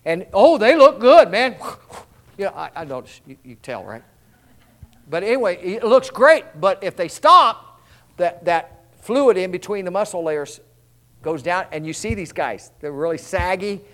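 A man's voice: sits high, animated, unhurried, sharp tone. A male pastor preaching a rambling, folksy sermon with call-and-response asides to his congregation.

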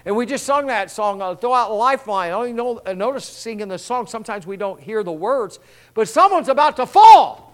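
A man with a notably high voice preaches a sermon in a loose, folksy way. He rambles through stories and tosses out quick asides, asking the congregation to answer back. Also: lively intonation. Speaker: pastor.

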